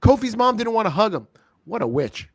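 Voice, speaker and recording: A man co-hosting a wrestling review show in casual, profane, excitable chat, laughing often. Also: high voice, fairly quick, breathy edge, no echo, clean studio sound. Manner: excitable, swearing, laughing, with frequent impersonations.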